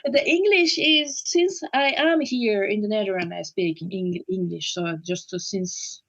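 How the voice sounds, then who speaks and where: A woman whose first language is Japanese, speaking slowly and hesitantly with many fillers as an interview guest. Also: medium pitch, a bit bright, lo-fi sound. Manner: slow and hesitant, frequent fillers and restarts. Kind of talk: casual interview conversation.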